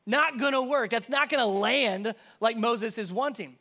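A man's voice: extremely high pitch, measured pace, bright, forceful tone, voice pushed up, heavily acted. A male preacher voicing a worried, reluctant man who doubts his mission, asking anxious, pleading questions. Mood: doubtful.

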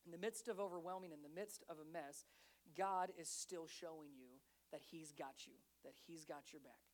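Male preacher, thirties, animated sermon storyteller, shifts from hushed to loud. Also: a little high, normal speed. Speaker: pastor.

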